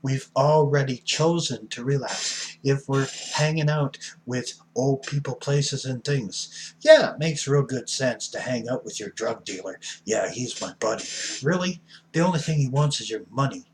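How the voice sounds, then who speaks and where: Middle aged guy, addiction counselor, slow blunt folksy preachy talk, faint hum behind. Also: mid-range voice. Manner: blunt, folksy, preachy with sudden loud emphasis. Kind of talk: motivational recovery talk.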